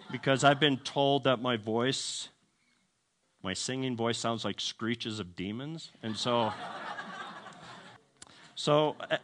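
A man telling a story in a sermon, humorous and self-deprecating, acting out the voices of the people in it. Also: mid-range voice. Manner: animated storytelling, acts out quoted voices. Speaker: preacher.

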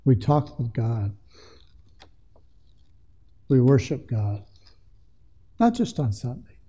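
A man's voice: mid-range voice, sing-song, takes it slowly, mellow, breathy edge. A man preaching a sermon in an earnest way that builds to emphatic passages.

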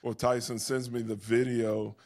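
A man's voice: medium pitch, flat delivery, measured pace, a little mellow, dry recording, studio quality. A man in his forties hosting a casual podcast interview, trading laid-back, teasing banter with a friend. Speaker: podcast host, former NFL player.

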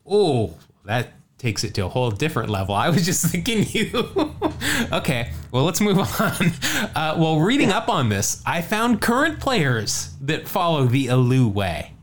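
A man hosting a laid-back podcast, telling a baseball story with lots of jokes. His pitch swings widely as he talks. He often repeats himself and restarts sentences. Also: very animated, unhurried. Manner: chatty, jokey, stumbles and repeats words. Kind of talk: casual podcast chat.

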